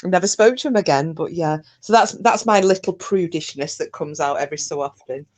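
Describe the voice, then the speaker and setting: A woman's voice: fairly low pitch, fairly quick, a crowd in the background. A woman hosting a casual chat, telling stories with frequent laughter and the odd swear. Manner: chatty storyteller, laughs often, swears. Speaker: stream host.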